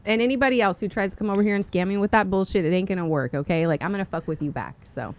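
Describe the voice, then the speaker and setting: A woman's voice: medium pitch, very fast, no echo. A woman co-hosting a podcast, telling a story in casual chat, blunt and swearing freely, often laughing as she talks. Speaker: podcast co-host.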